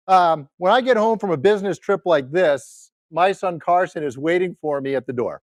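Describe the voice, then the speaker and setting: A man in his fifties giving a high-energy motivational sales keynote, rallying the audience with questions. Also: dry recording.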